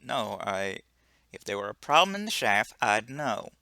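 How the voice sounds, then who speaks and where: Man voicing a laid-back ship engineer, game character, breezy and dismissive, lively pitch, bright tone. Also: normal speed, vocal fry, no room sound, clean studio sound, full character voice. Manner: breezy, brushes off worries.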